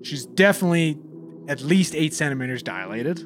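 A man's voice: on the high side, lively intonation, brisk, faint music behind. A young man, a paramedic, casually telling a call story, swearing freely and acting out the dialogue.

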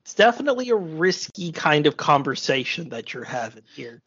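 A game master running a tabletop game, relaxed, often laughing and full of filler words. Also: mid-range voice, normal speed, husky. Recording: slightly dull lo-fi audio.

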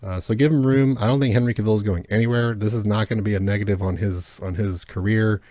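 A podcast co-host with a low, dark voice and fairly even intonation talks fast in casual chat. He rambles with lots of fillers and restarts and swears freely, in a dry, clean studio recording.

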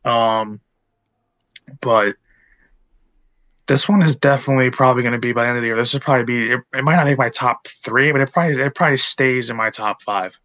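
A man in his late twenties co-hosts a podcast, rambling casually about a movie with lots of fillers and restarts. His medium-pitched voice is sharp and fairly quick. The recording has no room sound and the highs are cut off.

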